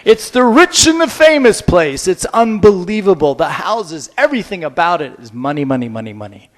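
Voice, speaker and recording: Guy telling funny stories in a talk, high voice, swoops all over, really playful. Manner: animated, playful, drives audience participation. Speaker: lecturer. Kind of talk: humorous storytelling lecture.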